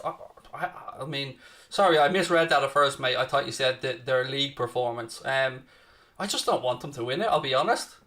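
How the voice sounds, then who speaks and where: A man's voice: mid-range voice, sharp tone. A man hosting a football watchalong, calling the play and casually answering viewers' chat messages. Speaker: watchalong host. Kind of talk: casual match commentary and chat.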